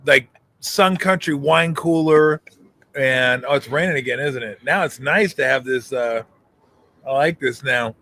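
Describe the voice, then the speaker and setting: A man's voice: mid-range voice, a little slow. A middle-aged man hosting a sports talk show, telling jokey stories in casual chat. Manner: storytelling, jokey, animated retellings. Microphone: streaming call mic.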